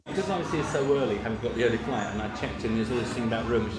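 A man's voice: on the low side, rapid-fire. A man telling a funny anecdote in casual chat, laughing as he goes. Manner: animated anecdote, laughs through story. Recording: roomy sound with loud crowd behind.

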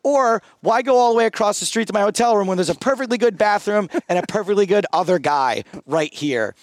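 A man's voice: high voice, lively intonation, a little fast, no room sound, clean studio sound. A man in his thirties on a podcast, telling rambling, self-mocking stories in casual chat, often restarting his sentences. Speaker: podcast co-host.

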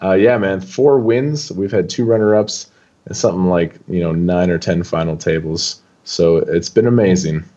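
A young man talks loosely as an interview guest, dropping casual fillers as he goes. His voice sits low. The recording is dull and lo-fi. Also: moderate pace. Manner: animated, loose, full of fillers like "dude" and "like". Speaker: poker player guest.

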